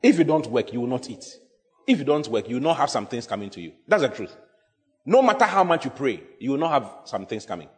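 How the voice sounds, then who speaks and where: A pastor preaching a sermon, emphatic and repetitive, often quizzing the congregation. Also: male voice, medium pitch, very animated, quick pace. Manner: emphatic, repeats key phrases, asks the congregation questions. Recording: long hall reverb.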